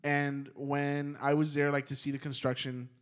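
A man's voice: a little high, monotone, normal speed, smooth. Rambling man telling a spooky story. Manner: swearing, rambling anecdotes with acted quotes. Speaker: podcast host. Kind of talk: casual chat, storytelling. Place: recording studio.

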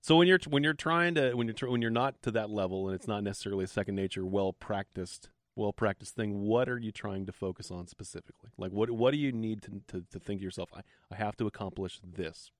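A man hosting a radio talk show, asking curious questions with halting restarts and encouraging his guests. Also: fairly low pitch, no room sound, studio quality. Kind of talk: casual radio interview.

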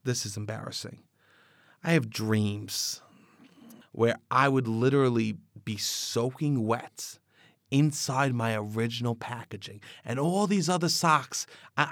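A man's voice: medium pitch, measured pace, fairly bright tone, dry recording, studio quality. A man playing an anxious, insecure male sock who confides his fears with earnest, rambling drama. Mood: embarrassed. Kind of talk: improvised comedic interview.

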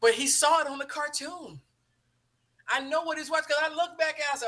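A woman's voice: sits high, animated, fairly quick, sharp tone. A middle-aged woman hosting a talk show, telling a personal story and acting out the dialogue.

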